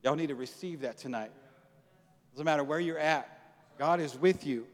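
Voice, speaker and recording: A pastor preaching a sermon, telling a story with lively acted-out dialogue and casual slang. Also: male voice, fairly high pitch, normal speed, long reverb tail.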